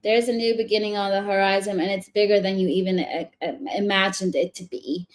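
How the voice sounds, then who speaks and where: A woman's voice: medium pitch, steady tone, a little fast, few pauses. A woman giving a casual live tarot reading, chatty and rambling, often restarting her sentences. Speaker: tarot reader.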